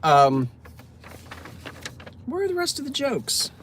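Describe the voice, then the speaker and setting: In his car, a man reads cheesy jokes, chatty and self-mocking, often tripping over his words. His very high voice swings hugely in pitch at a slow pace, and heavy background noise fills the recording.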